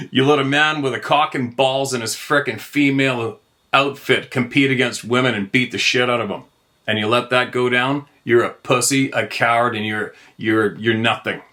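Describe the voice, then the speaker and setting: A man's voice: mid-range voice, bright, forceful tone. A middle-aged man hosting his own show, ranting in a heated, profane monologue. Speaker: host. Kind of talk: angry monologue.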